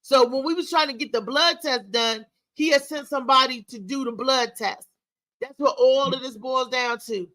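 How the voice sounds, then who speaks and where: A middle-aged woman hosting a talk show, telling a personal story in a candid, emphatic, animated way. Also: high voice, normal speed, no echo, low-quality recording.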